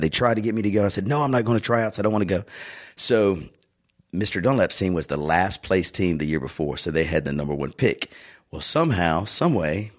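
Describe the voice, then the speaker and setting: A middle-aged man co-hosting a casual podcast chat, telling childhood stories with plenty of fillers. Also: deep voice. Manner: animated storyteller, lots of fillers. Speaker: podcast co-host.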